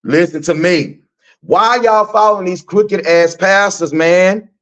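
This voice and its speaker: Animated, profane Texan man on a live rant. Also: sits high, measured pace, lo-fi sound. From Texas. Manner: animated, repetitive, preachy and profane. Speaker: host.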